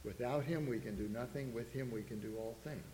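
A man preaches a sermon to a congregation in a church, reading scripture aloud earnestly. His warm voice is medium in pitch and fairly quick. The recording carries the echo of a hall and a faint hum.

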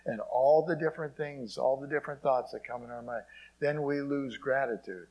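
A man's voice: medium pitch, normal speed, dull audio. A man preaching a sermon, quoting scripture and dropping in frequent amens. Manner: preaching with frequent "amen" asides and scripture quotes. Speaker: pastor.

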